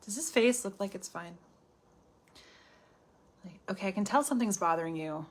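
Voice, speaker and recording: A woman's voice: mid-range voice, normal speed. Chatty woman doing a self-help live stream, bounces up and down, whispers her asides. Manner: animated, chatty, often drops to a whisper for asides. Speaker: healing coach hosting a live stream.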